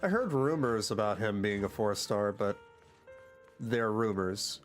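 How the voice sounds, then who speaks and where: A sick male game streamer, reading game dialogue aloud and reacting in an animated way. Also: fairly low pitch, measured pace, soft background music. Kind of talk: livestream gameplay commentary and dialogue reading.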